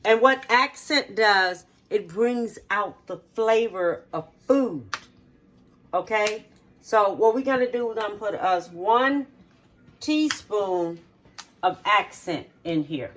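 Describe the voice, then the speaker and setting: A woman's voice: medium pitch, animated, slow, a bit bright, slight background noise. A middle-aged woman in her home kitchen, showing how she cooks in a homey, repetitive way and checking in with "okay?". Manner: homey, repeats steps, checks in with 'okay?'. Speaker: home cook and channel host. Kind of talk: casual cooking demonstration.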